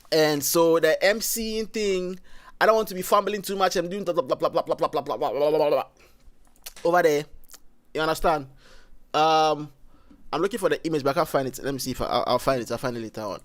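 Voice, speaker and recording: A Ghanaian man hosting a casual livestream, his voice sitting a little high for a man. He rambles, thinks aloud and keeps restarting his sentences. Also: brisk, fairly bright tone. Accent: Ghanaian English. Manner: rambling, thinks aloud with frequent self-corrections. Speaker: livestream host.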